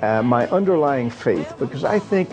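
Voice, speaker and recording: A man's voice: mid-range voice, sing-song, moderate pace, a little mellow, soft background music. An older man from Kentucky, a retired actor, recalling his career in a rambling way with fillers and restarts. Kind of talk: reminiscing monologue.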